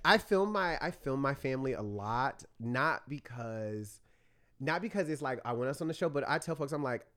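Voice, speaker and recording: A young man in casual chat as a podcast guest, an animated storyteller who acts out his family's voices. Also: mid-range voice, normal speed.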